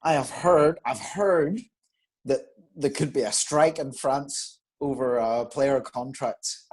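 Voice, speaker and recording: A man's voice: medium pitch, takes it slowly, low-quality recording. Man telling stories over a video call. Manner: animated anecdotes with voiced quotes. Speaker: guest. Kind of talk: casual storytelling.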